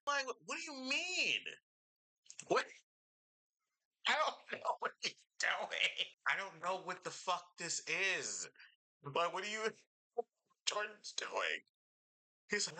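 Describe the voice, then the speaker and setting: A man's voice: high voice, very animated, slow, long pauses. A man reacting to a debate clip in casual commentary, exasperated and swearing, talking into a microphone. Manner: exasperated, swearing, loud outbursts. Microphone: studio microphone.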